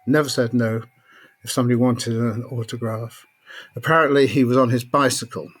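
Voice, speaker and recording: An older man, a podcast guest telling anecdotes in a lively way, laughing often and acting out what others said. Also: mid-range voice, normal speed, slightly rough. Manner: lively raconteur, laughs often, acts out quotes. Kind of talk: anecdotal storytelling.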